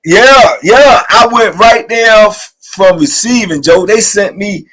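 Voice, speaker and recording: A middle-aged man, hosting and telling prison stories in a casual, animated way, acting out the people he quotes. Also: sits high, takes it slowly, low-quality recording. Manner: animated storyteller, acts out quotes, "you know what I'm saying". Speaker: host sharing prison stories. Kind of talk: casual storytelling conversation.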